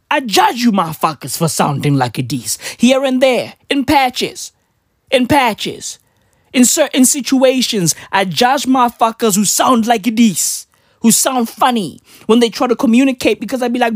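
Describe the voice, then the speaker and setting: A woman's voice: fairly high pitch, normal speed, dry recording, studio quality. A South African woman delivering a profane, slangy comedic rant, repeating herself for effect. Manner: animated, repetitive, slangy.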